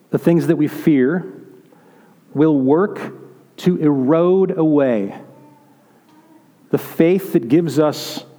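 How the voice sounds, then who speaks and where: A male pastor with a mellow, somewhat high voice delivers a conversational sermon, telling stories and putting questions to the congregation. The recording carries the reverberation of a large hall.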